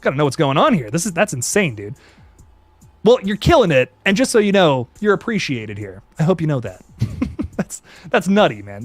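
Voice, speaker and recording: A young man hosts a casual live stream, chatting loosely with viewers in an excitable, slangy way. His voice sits a bit high and swings widely in pitch. The sound is close and dry, with no room around it. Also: dry recording. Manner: excitable, laid-back slang, frequent laughs and restarts. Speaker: youtube host reading live chat.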